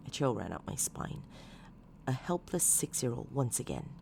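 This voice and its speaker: A woman reading a horror story as scripted narration, measured and low-key with dramatic emphasis. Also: big pitch swings, creaky, darkish tone, slight background noise.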